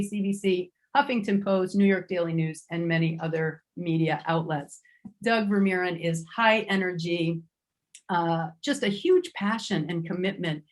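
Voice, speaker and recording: A woman hosting an online summit, introducing speakers in an effusive, chatty way with frequent self-corrections. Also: mid-range voice. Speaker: summit host.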